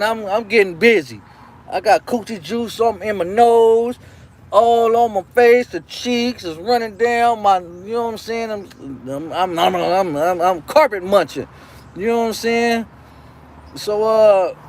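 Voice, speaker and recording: A man's voice: high-pitched, slight background noise. A male live-show host telling a long, crude anecdote in loose slang, rambling and repeating "you know what I'm saying". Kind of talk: live-stream storytelling.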